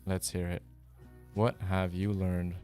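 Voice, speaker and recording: A man whose first language is German, chatting casually with viewers on a live stream in a fairly monotone, rambling way full of fillers. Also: deep voice, slow pace, soft background music. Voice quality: fairly monotone, even delivery. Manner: relaxed, rambling, with many fillers and restarts.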